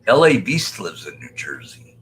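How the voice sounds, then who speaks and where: A man's voice: on the low side, big pitch swings, normal speed, fairly bright tone, a little hiss or hum, low-quality recording. An older man hosting a casual live stream, chatting and joking as he greets viewers by name. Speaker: live-stream host reading chat.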